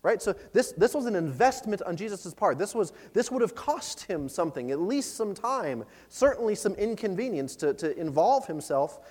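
A man preaching a sermon, retelling a story with lively, animated delivery and frequent restarts. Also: high voice, normal speed, hardly any pauses, long reverb tail. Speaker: pastor. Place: church sanctuary.

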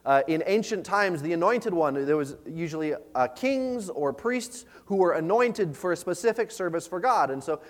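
A pastor giving an earnest, conversational sermon, often repeating words and using fillers. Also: male voice, high-pitched, lively intonation, moderate pace, hardly any pauses. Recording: long reverb of a large hall.

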